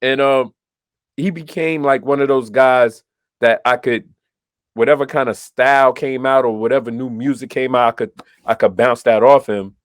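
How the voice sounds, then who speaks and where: Animated and fond of acting out quoted dialogue, a man from Brooklyn, New York shares anecdotes while co-hosting a relaxed storytelling podcast. He speaks at medium pitch and normal speed in studio-quality audio with no echo.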